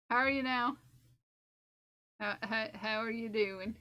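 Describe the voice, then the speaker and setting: A woman's voice: on the high side, takes it slowly, highs cut off. A woman streamer chatting casually while crocheting, repeating her own phrases to herself as she works.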